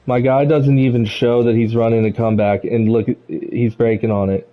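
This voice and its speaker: A man swears his way through a football video game, ranting at every bad play. His voice sits at an ordinary pitch and comes through a slightly dull, lo-fi mic. Faint game music plays underneath. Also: level tone, moderate pace. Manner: angry, profane ranting, rising to shouts at plays. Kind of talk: live gameplay commentary.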